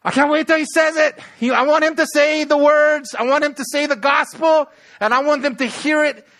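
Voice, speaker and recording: A man voicing the Holy Spirit as eager and impatient, pleading excitedly and repeating himself. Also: extremely high pitch, moderate pace, pitched above the performer's own voice.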